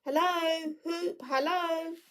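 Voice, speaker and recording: A woman voicing an elderly miserly man, excitable and near tears, exclaiming between laughing and crying. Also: medium pitch, moderate pace, creaky, close to an everyday voice, rough recording. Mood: delighted. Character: elderly man, miserly yet giddy and tearful.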